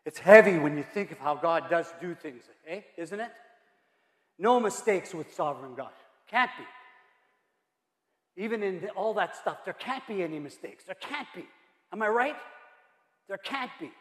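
A man's voice: high voice, animated, unhurried, pauses often, fairly bright tone. A male pastor preaching a sermon, emphatic and repetitive, asking the room rhetorical questions. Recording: roomy hall reverb.

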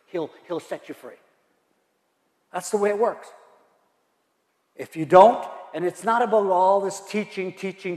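A man's voice: high-pitched, darkish tone. A male pastor preaching a sermon, emphatic and repetitive, asking the room rhetorical questions. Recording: roomy hall reverb.

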